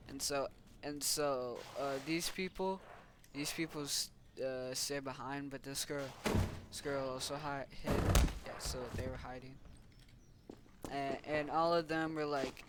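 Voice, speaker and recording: A man's voice: on the high side, unhurried. A man casually retelling a story, rambling and restarting his sentences as he acts out the characters. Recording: loud background noise.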